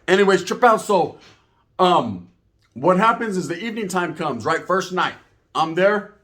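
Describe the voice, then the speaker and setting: A man with a fairly high voice spins a loose, rambling story in thick street slang. He swears freely and keeps checking in with a quick "right?" between lines. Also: expressive, a bit bright. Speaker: storyteller recounting prison life. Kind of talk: casual storytelling.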